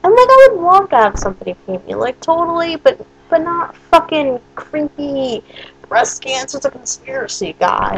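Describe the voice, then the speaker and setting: A woman's voice: high voice, very animated, normal speed, gravelly, a little hiss or hum, low-quality recording. A young woman vlogging, telling a story in a rambling way with lots of swearing and bursts of disbelief. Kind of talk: casual storytime monologue.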